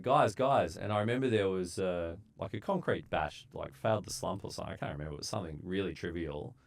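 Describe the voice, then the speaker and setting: In a low voice that moves fairly quickly, a man shares casual stories from his time on site as a civil engineer, guesting on a podcast. Relaxed and laid-back, he acts out the quotes of the people involved.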